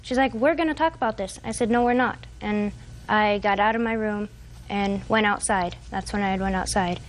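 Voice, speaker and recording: A woman's voice: mid-range voice, little pitch movement, moderate pace, a little hiss or hum. A woman in her twenties testifying as a defendant in a TV courtroom, telling a long, hesitant, rambling account. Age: 20s.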